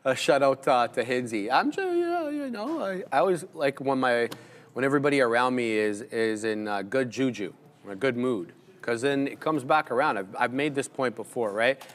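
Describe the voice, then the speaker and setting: A man's voice: medium pitch, moderate pace. Laid-back man explaining his trades. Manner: relaxed, explains his trade plan step by step. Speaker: day trading stream co-host. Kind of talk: casual live trading commentary.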